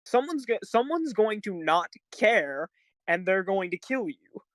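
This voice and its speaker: A young man in his teens co-hosting a casual podcast, talking in a rambling, halting way with many fillers. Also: high voice, very animated, fairly bright tone, no room sound. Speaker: podcast co-host. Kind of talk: casual chat.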